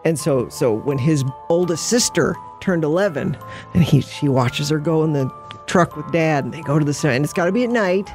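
A woman hosting a podcast, telling a story in an animated way, repeating and restarting as she goes. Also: sits low, moderate pace, faint music behind. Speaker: podcast host. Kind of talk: casual storytelling chat.

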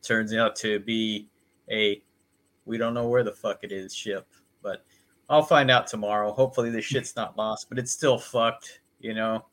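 A man chats as co-host of a loose podcast, his voice sitting a little low. He rambles through everyday stories in an easygoing way, with plenty of casual swearing. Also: fairly even intonation, moderate pace, fairly bright tone. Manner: easygoing, profane, rambling storyteller.

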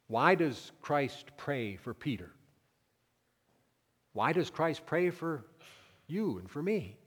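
A man's voice: fairly high pitch, big pitch swings, takes it slowly, long pauses, a bit bright, in a large hall. A man preaching a Sunday sermon as pastor, earnest and emphatic, in a church. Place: church sanctuary.

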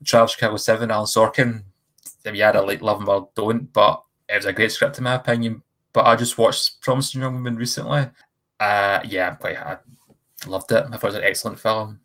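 A man's voice: lowish voice, fairly even intonation, fairly quick, fairly bright tone. Chatty man with frank film opinions. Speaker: film podcast co-host. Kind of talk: casual film discussion.

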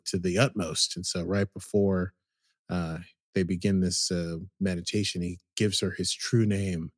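A man co-hosting a podcast, retelling a TV episode in a casual, animated way. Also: low-pitched, no echo, clean studio sound. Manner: animated storytelling, slips into quick quoted voices. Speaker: podcast co-host recapping a TV episode. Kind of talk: casual recap chat.

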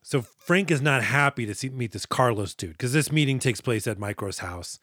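A man's voice: mid-range voice, lively intonation, moderate pace, a bit bright, dry recording, studio quality. A man co-hosting a movie podcast, chatting casually and sarcastically, swearing and acting out lines from the film. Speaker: podcast co-host. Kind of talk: casual movie-review chat.

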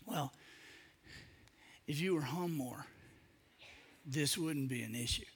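A man playing his deadpan, weary wife. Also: a little high, slow pace, a little hiss or hum, pitched below the performer's own voice. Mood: flat, weary. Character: exasperated wife, middle-aged woman, flatly unimpressed.

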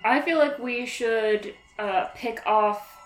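A woman playing a tabletop game, talking casually in an unhurried drawl. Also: on the high side, very noisy. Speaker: player. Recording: echoey room, music behind.

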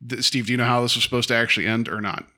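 A man hosting a casual podcast, rambling through his thoughts with plenty of fillers. His voice is bright and forceful at a middle pitch. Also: fairly even intonation, rapid-fire. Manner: chatty, rambling, many fillers. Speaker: podcast host. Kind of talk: casual film discussion.

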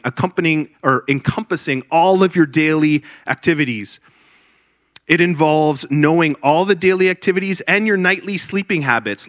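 A man's voice: fairly high pitch, fairly bright tone, no echo, studio quality. A man preaching a sermon to a congregation, earnest and explanatory, with emphatic bursts and light teasing of his listeners.

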